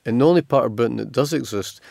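A man's voice: medium pitch, quick pace, creaky, a little mellow, no room sound, studio quality. A middle-aged Scottish man giving long reflective interview answers, full of fillers and restarts. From Scotland. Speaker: writer, interview guest.

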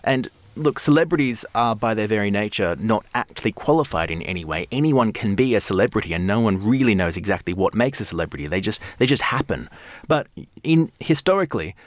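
A man speaking as a guest on a radio panel, explaining in an animated way with frequent restarts, on a studio microphone. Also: on the low side, a little fast, no echo.

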